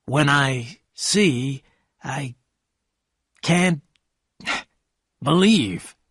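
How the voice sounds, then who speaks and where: A man's voice: medium pitch, sing-song, moderate pace, a bit bright, breathy edge, dry recording, studio quality. A man reading the lines of a wealthy young man, friendly and dreamy, with a habit of addressing his listener as "old sport.". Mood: wistful.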